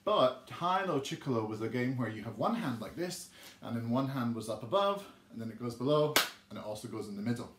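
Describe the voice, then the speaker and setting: A man's voice: mid-range voice, expressive, brisk, very noisy. A man teaching a recorded music lesson for young children, explaining a clapping game step by step in an encouraging, patient way. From England. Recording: echoey room, mic at a distance.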